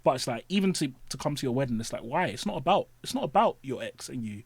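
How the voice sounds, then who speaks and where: Give me a man hosting a podcast who talks quickly and animatedly, replaying his own rants for his co-hosts. His voice is close and dry, with no room sound. He keeps it casual and loose. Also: medium pitch, big pitch swings, vocal fry, breathy edge, no room sound. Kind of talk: casual chat.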